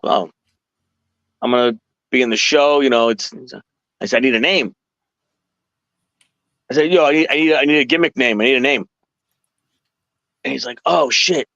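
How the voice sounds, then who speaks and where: A middle-aged man telling wrestling stories in a casual chat, animated and acting out quoted people in a raised voice. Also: mid-range voice, no room sound. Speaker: podcast guest telling stories. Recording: dull dry lo-fi stream audio.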